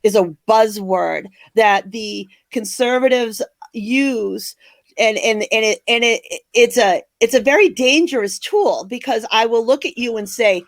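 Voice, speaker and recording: A woman's voice: fairly high pitch, unhurried, no echo. An older American woman co-hosting a podcast, talking in a blunt, angry, emphatic way. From United States. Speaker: podcast co-host. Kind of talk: passionate opinion chat.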